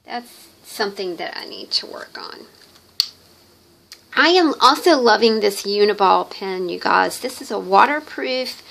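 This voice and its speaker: A middle-aged woman chatting casually while crafting, rambling and hesitant with lots of pauses. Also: medium pitch, creaky, a bit bright, slight background noise, rough recording. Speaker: craft vlogger.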